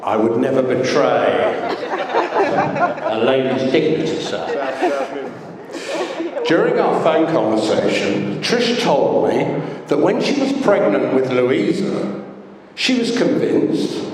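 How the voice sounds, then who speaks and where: A man's voice: medium pitch, big pitch swings, slow pace, a crowd in the background. A middle-aged man gives a wedding speech in a large function room, telling jokey, self-mocking stories. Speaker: wedding guest giving a speech. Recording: echoey hall, voice from far off.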